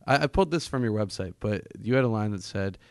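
A man's voice: lowish voice, expressive, quick pace, a little mellow, no echo, studio quality. A man hosting a podcast, asking loose, chatty questions with plenty of fillers. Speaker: podcast host. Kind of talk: casual interview conversation.

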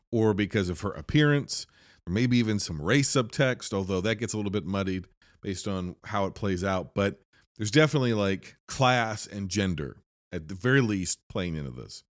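A man's voice: on the low side, no room sound, clean studio sound. A man casually recapping a horror movie plot, rambling and leaning on fillers like "like". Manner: rambling, filler-heavy, lots of "like". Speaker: film reviewer.

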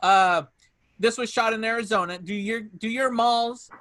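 Male host, high and bright, dry close mic, lively casual review chat. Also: measured pace, no room sound. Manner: animated, acts out quotes with laughter. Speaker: podcast host.

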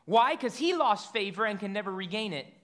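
A pastor in his thirties preaches a sermon in a high-pitched voice at a brisk pace. He's animated and tells stories, often stumbling and repeating words.

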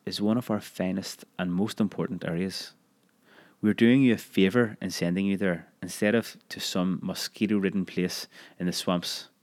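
A man's voice: deep voice, fairly even intonation, moderate pace, natural voice. A man reading the part of a formal, authoritative older male company director.

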